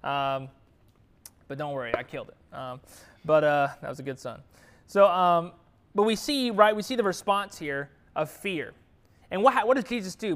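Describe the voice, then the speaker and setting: In a classroom with a group gathered, a young man whose voice sits high teaches the Bible casually at a moderate pace. He sounds relaxed and lively, occasionally sinking into a whisper.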